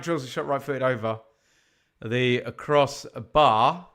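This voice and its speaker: A man's voice: mid-range voice, unhurried, fairly bright tone, clear, resonant tone. A man hosting a live football watch-along, chatting with viewers and reading out scores from other games. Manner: chatty, reads out scores, asks the chat rhetorical questions. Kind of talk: live fan commentary and chat.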